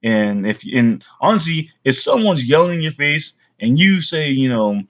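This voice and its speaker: A man's voice: fairly high pitch, very animated, moderate pace, muffled recording. A man in his forties giving blunt fatherly advice to his young sons in a rambling, casual way, full of fillers. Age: 40s. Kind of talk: casual to-camera talk.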